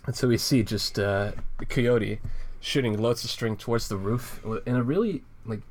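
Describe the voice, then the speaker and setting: A man's voice: medium pitch, moderate pace. A man co-hosting a casual podcast, rambling and laid-back, swearing and laughing often as he walks through a comic. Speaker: podcast co-host reviewing a comic. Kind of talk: casual chat.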